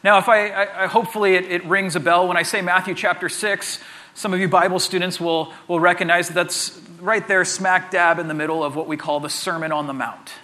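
A man's voice: high-pitched, fairly even intonation, fairly quick, sharp tone. A man preaching a conversational sermon as pastor, chatty, often repeating words and adding jokey asides.

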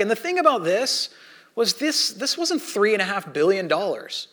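A man's voice: sits high, moderate pace. A male pastor preaching in a casual, conversational way. He uses lots of fillers and asides. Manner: conversational and animated, with repeated fillers. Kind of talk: sermon.

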